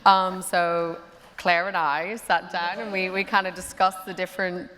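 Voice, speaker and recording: A woman's voice: lowish voice, flat delivery, unhurried, fairly bright tone. A woman actress speaking on a stage panel, hesitant with many restarts. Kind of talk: casual panel chat. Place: large auditorium on stage. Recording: long reverb of a large hall.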